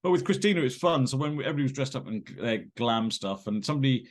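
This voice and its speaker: Fast-talking man telling stories. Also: mid-range voice. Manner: rambling, animated storyteller with many fillers. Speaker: interview guest. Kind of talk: casual anecdote telling.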